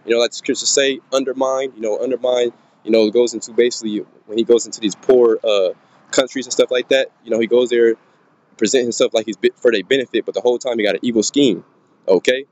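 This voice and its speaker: A man preaching informally into his phone, reading scripture slowly and haltingly, then riffing in a rough, profane way that fills every pause with "man" and "you know". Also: mid-range voice, fairly even intonation, a little mellow, lo-fi sound. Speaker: street preacher. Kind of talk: informal scripture teaching monologue.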